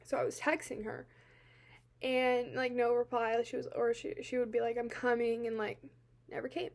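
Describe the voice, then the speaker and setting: A young woman telling a personal account to camera, halting and teary-eyed, full of filler words, swinging between quiet and loud. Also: fairly high pitch, little pitch movement, gravelly. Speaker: vlogger.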